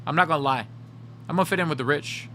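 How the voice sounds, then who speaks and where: A man's voice: a little high, fast talker, a bit bright, slight background noise. A male game streamer in casual livestream chat, joking and chatty as he reads chat aloud.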